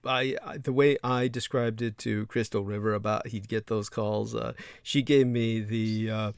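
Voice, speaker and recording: A man's voice: lowish voice, steady tone, moderate pace, gravelly, clean tone, no echo, clean studio sound. A man hosting a livestream in casual chat, joking and laughing often. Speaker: livestream host.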